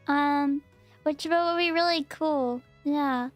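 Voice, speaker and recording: A woman's voice: sits high, takes it slowly, no echo, faint music behind. A woman chatting casually on a live stream, rambling and hesitant with lots of fillers. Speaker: VTuber streamer.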